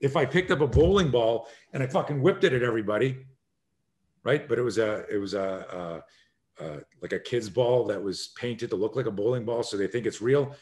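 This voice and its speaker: A man in his sixties, a self-defense instructor, telling stories in an energetic conversational way, acting out scenes with sudden shouted exclamations and frequent swearing. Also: mid-range voice, fairly quick. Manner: energetic, emphatic, rambling explanations. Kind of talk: animated conversational storytelling.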